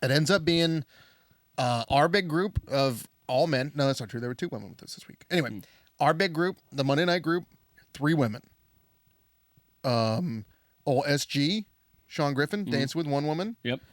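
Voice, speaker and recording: A young man on a podcast, spinning a bar story with lively swings in pitch and a voice sitting a bit high. He slips into other people's voices as he tells it. The sound is dry and close to the mic. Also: moderate pace, long pauses, no echo. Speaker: podcast co-host. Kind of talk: casual chat.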